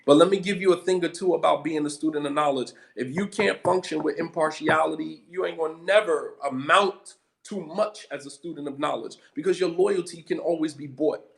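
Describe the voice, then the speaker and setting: Fired-up preacher guy, high voice, keeps repeating himself to hit the point. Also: a little fast, creaky, few pauses. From United States. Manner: heated, emphatic, repeats for emphasis. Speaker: Muslim preacher. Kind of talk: impassioned lecture.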